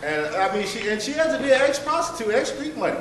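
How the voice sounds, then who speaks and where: A man's voice: extremely high pitch, very animated, quick pace, a bit bright, slight background noise. A man performing a profane stand-up set in a comedy workshop, with brash, blunt storytelling. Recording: echoey room, distant mic.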